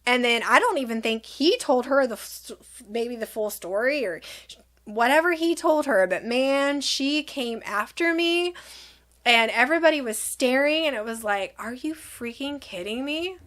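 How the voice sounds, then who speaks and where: High-voiced woman venting in a storytime vlog. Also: moderate pace. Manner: animated, exasperated retelling with quoted dialogue. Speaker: vlogger.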